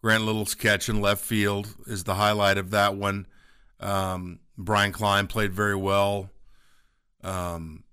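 A man, a baseball play-by-play announcer, reminiscing on a sports radio show with many fillers and pauses while he has the hiccups. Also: lowish voice, bright, forceful tone, clean tone, dry recording, studio quality.

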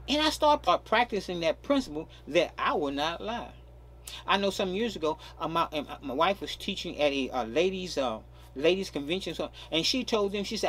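A man's voice: high voice, expressive, moderate pace, a bit bright. A man preaching a sermon, stressing key words and stretching them out, often repeating himself. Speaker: pastor.

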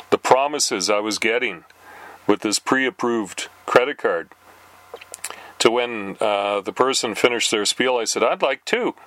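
A man telling funny stories in a chatty monologue, with lots of fillers, laughing now and then. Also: clear, resonant tone. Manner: animated, jumps higher when reenacting calls. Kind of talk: casual storytelling monologue.

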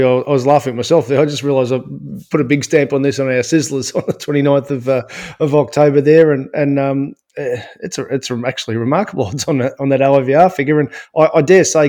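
A man's voice: mid-range voice, warm tone. A man hosting a racing show, chatty and a bit self-deprecating as he asks about runners. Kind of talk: casual interview.

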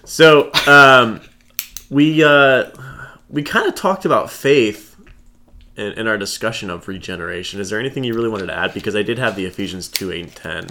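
Low, bright-toned man, hesitant co-host. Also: normal speed. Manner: hesitant, lots of fillers and restarts. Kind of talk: casual discussion.

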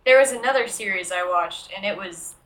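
A woman's voice: medium pitch, fairly quick, fairly bright tone. A woman chatting casually on a podcast, hedging her points with lots of fillers. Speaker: podcast co-host.

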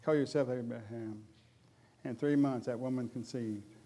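A man's voice: mid-range voice, steady tone, moderate pace, mellow, long reverb tail. A man preaching a humorous sermon in a folksy, jokey way. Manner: folksy, jokey, addresses crowd as guys.

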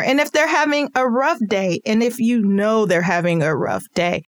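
A woman's voice: mid-range voice, dry recording. A mother giving casual parenting tips, chatty and laughing easily as she acts out little scenes. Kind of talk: casual advice talk.

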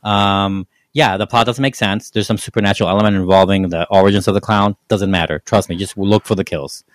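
A man with a low voice talks through a film review in a loose, casual way. He circles his points with restarts and fillers. The sound is close and dry. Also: steady tone, brisk, dry recording. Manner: rambling, frequent restarts and fillers. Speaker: podcast co-host. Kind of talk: casual movie review chat.

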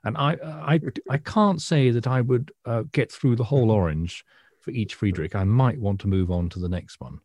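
A British man co-hosting an art podcast, explaining paintings in a self-deprecating, hesitant way with many pauses. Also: mid-range voice, darkish tone, no echo. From Britain. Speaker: podcast co-host, art historian. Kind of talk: casual chat.

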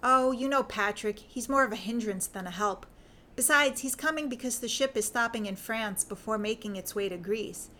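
A woman reading as a brisk, teasing lady detective. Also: on the high side, sharp tone. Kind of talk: fan fiction audiobook reading.

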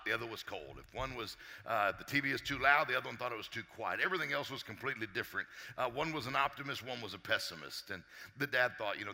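A man giving an energetic motivational talk to a live audience as a success coach, joking and quizzing the crowd. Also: on the low side, long reverb tail. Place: large hall with a live audience.

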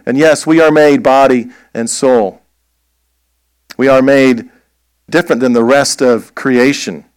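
Deliberate male pastor preaching. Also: medium pitch, clear, resonant tone, no room sound. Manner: deliberate, emphatic preaching with rhetorical questions. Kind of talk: sermon.

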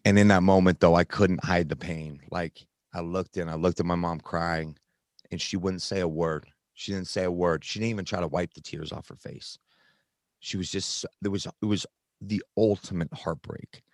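A man with a very deep voice tells a painful personal story in conversation. He speaks earnestly, stopping and restarting often. The recording is dry, with no room sound. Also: fairly even intonation, dry recording. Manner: earnest, halting, many restarts and fillers. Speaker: guest sharing recovery story.

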